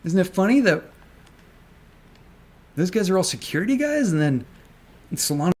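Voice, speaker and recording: A man's voice: high-pitched, sing-song, moderate pace, darkish tone. A man ranting on a live stream, angry and sarcastic, swearing and taunting with rhetorical questions. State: agitated. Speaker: stock market commentator.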